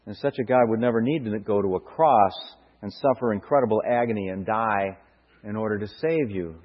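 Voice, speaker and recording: A man's voice: lowish voice, brisk. A middle-aged man preaching a sermon, earnest and searching, with stammered restarts and rhetorical questions that build to emphatic bursts. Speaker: pastor. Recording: dull lo-fi sound with hall reverb.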